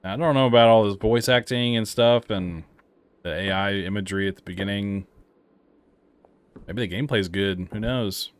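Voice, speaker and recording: A young man with a lowish, clean-toned voice plays and reviews a video game at a moderate pace, faint game music behind him. His let's-play commentary is casual and wry, sprinkled with sarcastic asides.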